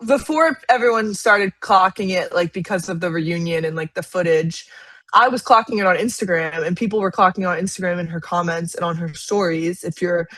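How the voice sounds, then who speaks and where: A young woman co-hosting a podcast in casual chat, talking fast and loose with lots of "like" and frequent laughs. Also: on the low side, fairly bright tone, dry recording. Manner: chatty, lots of "like", laughs often. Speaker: podcast co-host.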